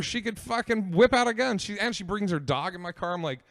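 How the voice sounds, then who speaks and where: A man's voice: high-pitched, moderate pace, a bit bright, no echo, clean studio sound. A young man hosting a podcast, telling a story in a rambling, profane way with lots of fillers. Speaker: podcast host. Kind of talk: comedic storytelling.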